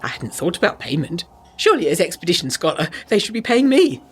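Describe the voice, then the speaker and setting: A woman narrating a letter as a proper young lady scholar in a brisk, slightly anxious way. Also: on the low side, big pitch swings, husky.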